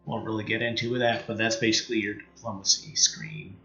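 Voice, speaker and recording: A man's voice: on the low side, steady tone, fairly quick, creaky, sharp tone, roomy sound, lo-fi sound, faint music behind. A man with a Canadian accent commentating on his strategy game in a casual, rambling way, full of fillers and half-finished thoughts. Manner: thinks aloud, many fillers and trailing-off sentences. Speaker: let's play streamer.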